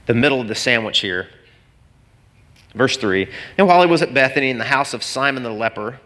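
Guy giving a sermon, bright clear voice, earnest and emphatic. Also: medium pitch. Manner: earnest, emphatic preaching with rhetorical questions. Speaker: pastor.

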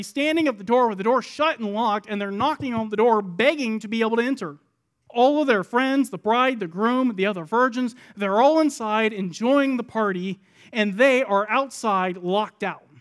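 A man with a high voice delivers a sermon. He acts out the people in his text with loud pleading, then drops to quiet, low asides. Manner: dramatic, voicing the people in the parable. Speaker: pastor.

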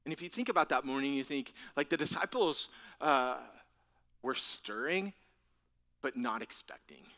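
A man's voice: mid-range voice, lively intonation, moderate pace, sharp tone. A man preaching a sermon in an earnest, conversational way, often repeating words and dropping to a near whisper for emphasis. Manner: repeats words and restarts phrases. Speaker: pastor.

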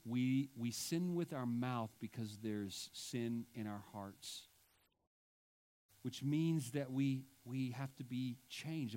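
A man's voice: medium pitch, darkish tone. A male pastor preaching a sermon with emphatic delivery and wry asides.

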